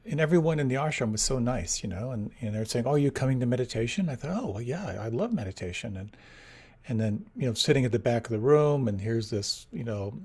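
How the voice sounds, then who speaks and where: A male host in a reflective interview, summing up his guest's story and gently prompting him to say more. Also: mid-range voice, a little fast. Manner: thoughtful, sums up and prompts the guest. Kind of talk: reflective conversation.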